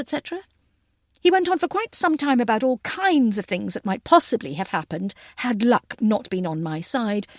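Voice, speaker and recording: A woman's voice: medium pitch, no echo, clean studio sound. Wry woman narrating a novel. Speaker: audiobook narrator. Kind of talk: first-person novel narration.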